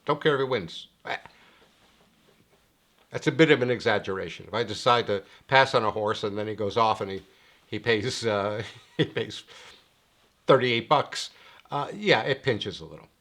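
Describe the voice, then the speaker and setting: A middle-aged man teaching horse betting in a wry, lecturing way, his pitch swinging up when he gets excited. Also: normal speed, pauses often. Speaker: handicapping teacher. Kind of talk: screen-share explainer monologue.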